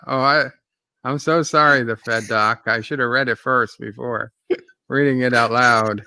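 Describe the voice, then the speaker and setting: A man's voice: medium pitch, slow, pauses often, bright, forceful tone, smooth, dry recording. A man hosting a live movie watch-along stream, chatting casually and reading viewer messages aloud while still getting over an illness. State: recovering from illness.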